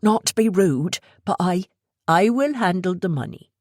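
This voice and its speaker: A woman's voice: lowish voice, animated, voice pushed up. A woman playing a shaken, stammering young woman. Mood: hesitant. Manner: hushed, halting, stammering. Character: young woman shaken and tearful after breakdown. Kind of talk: audiobook character voice.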